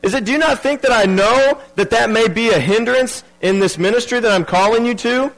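A man voicing God as a stern male figure who fires sharp rhetorical questions. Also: sits high, sing-song, slow pace, pitched above the performer's own voice, full character voice, poor audio. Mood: challenging.

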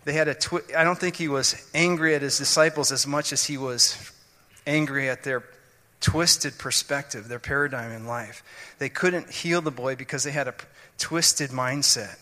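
Guy preaching a sermon, earnest, keeps restarting his sentences, bright sharp voice, big echoey hall. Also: mid-range voice, normal speed. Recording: long hall reverb.

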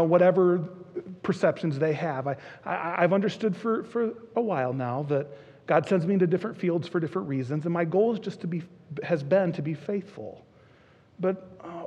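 Earnest pastor preaching in a reverberant hall. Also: male voice, sits high, darkish tone. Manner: earnest, conversational storytelling with repeated restarts. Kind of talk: sermon. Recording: dull lo-fi recording in a reverberant hall.

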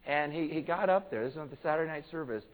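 A pastor preaching a conversational sermon in church, earnest and plain-spoken, swelling to emphatic peaks. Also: male voice, fairly high pitch, quick pace, rough recording.

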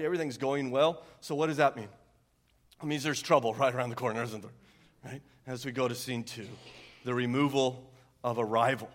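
A middle-aged male pastor delivers an animated sermon, often tagging his points with rhetorical questions. His voice sits a little high for a man. The sound rings with the long reverb of a large hall.

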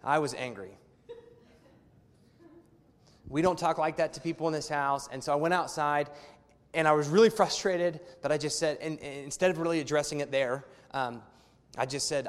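A man's voice: fairly high pitch, a little fast. Conversational male pastor in a reverberant hall. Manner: conversational preaching with personal stories. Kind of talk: sermon. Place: church hall.

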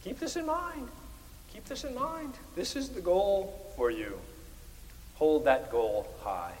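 A man preaching a Presbyterian sermon, animated, with emphatic rises on key words. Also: a little high, in a large hall, rough recording. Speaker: pastor.

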